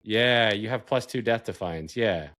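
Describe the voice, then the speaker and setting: A man's voice: lowish voice, a little slow, a bit bright. A man co-hosting a casual chat, joking and playful. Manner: joking, playful, bursts into mock voices. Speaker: podcast co-host.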